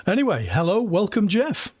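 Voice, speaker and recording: A man's voice: high-pitched, very animated, normal speed, darkish tone, breathy edge, no echo. A man hosting a podcast interview, asking rambling, chatty questions with plenty of fillers. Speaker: podcast host. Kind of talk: conversational interview.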